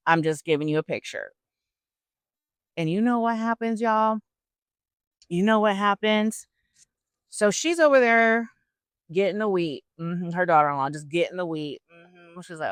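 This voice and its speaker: A woman's voice: on the low side, clear, resonant tone, dry recording. A woman podcast host retelling a story casually, with a faith angle and chatty, slangy asides.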